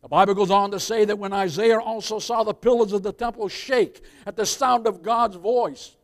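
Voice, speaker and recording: A man preaching a sermon as pastor, swelling to loud cries and dropping low, often addressing the congregation as beloved and calling for amen. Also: fairly even intonation, normal speed.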